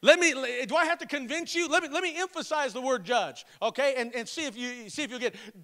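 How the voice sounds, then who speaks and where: A pastor preaching a sermon, calling on the congregation to repeat after him and slowing to stress each word of scripture. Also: male voice, very high voice, pushed and bright. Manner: emphatic call-and-response preaching.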